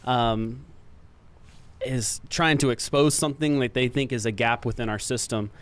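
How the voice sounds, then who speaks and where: Smooth-voiced man, measured and agreeable. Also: medium pitch, fairly even intonation. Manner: measured, agreeable, hesitant fillers. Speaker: staff member and guest co-host. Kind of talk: casual chat.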